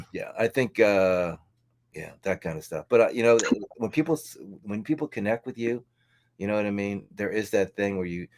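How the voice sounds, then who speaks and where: A man's voice: fairly low pitch, normal speed, darkish tone. A man from New York, a guest musician, talking in a casual, rambling way full of "you know". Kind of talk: casual podcast chat.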